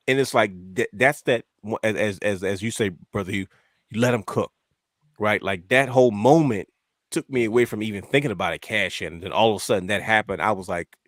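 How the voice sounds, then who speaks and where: A man talks quickly in a lowish voice, recorded close and dry. He is co-hosting a casual podcast chat. He tells stories with animation and acts out his own reactions as he goes. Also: no room sound. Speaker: podcast co-host.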